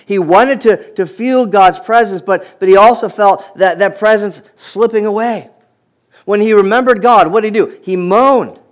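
A man with a high-sitting voice preaches a sermon at normal speed, reading scripture aloud and reflecting on it earnestly. He often repeats words as he restarts.

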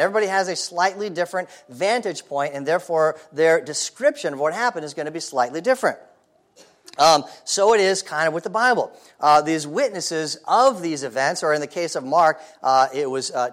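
A man's voice: on the high side, animated, brisk, fairly bright tone. A man preaching a sermon in a conversational way, asking the congregation rhetorical questions and often repeating his first words. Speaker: pastor.

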